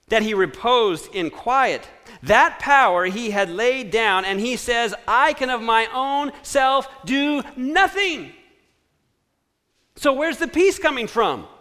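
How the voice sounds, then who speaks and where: A man preaching a sermon, posing rhetorical questions and dropping to a hushed tone to repeat a scripture refrain. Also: sits high. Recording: echoey hall with long reverb.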